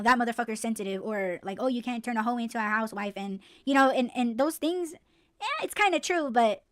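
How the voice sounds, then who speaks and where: A woman's voice: fairly high pitch, dry recording, clean studio sound. A woman hosting a podcast, ranting bluntly and swearing freely in a casual, heated way. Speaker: podcast host.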